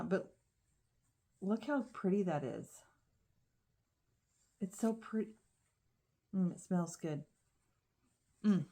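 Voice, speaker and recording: A woman's voice: on the low side, mellow. A woman chatting casually to her phone camera at home as she unboxes yarn, with frequent ums and restarts. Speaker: crochet vlogger.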